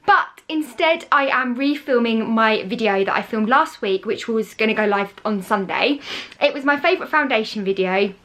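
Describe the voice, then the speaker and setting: A woman's voice: a little high, animated, normal speed, bright, forceful tone. A young woman chatting to camera at home in a casual, rambling, self-deprecating way. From England. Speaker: vlogger. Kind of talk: casual vlog chat to camera. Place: at home indoors.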